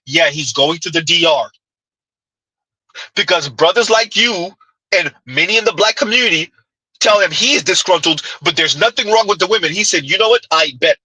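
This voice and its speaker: A man's voice: sits high, expressive, normal speed, pushed and bright, breathy edge, no echo, rough recording. A man giving heated, mocking reaction commentary on a clip, firing off rhetorical questions.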